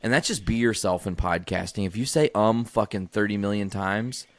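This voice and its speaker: A man's voice: on the low side, moderate pace, no room sound, clean studio sound. A man hosting a podcast in casual chat, swearing freely and confidently giving advice. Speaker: podcast host.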